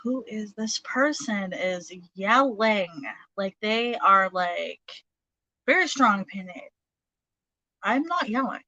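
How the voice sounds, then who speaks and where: A woman's voice: medium pitch, sharp tone, dry recording, highs cut off. A woman giving a casual tarot reading, chatty, with many fillers and frequent laughter. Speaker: tarot reader.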